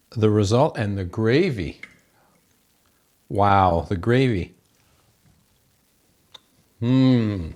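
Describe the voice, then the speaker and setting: Guy doing a cooking demo in his kitchen, lowish voice, takes it slow, lots of oh my goodness. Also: animated, darkish tone. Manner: gushing, exclaims over the food, talks to viewers as folks. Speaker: cooking show host. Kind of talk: home cooking demonstration. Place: home kitchen.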